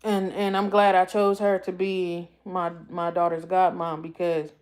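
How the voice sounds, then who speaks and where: A woman's voice: on the low side, level tone, unhurried, darkish tone. A young woman from the US East Coast, chatting on a livestream to her viewers in a heartfelt, rambling way and often repeating herself. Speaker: YouTube livestream host. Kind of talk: casual livestream chat.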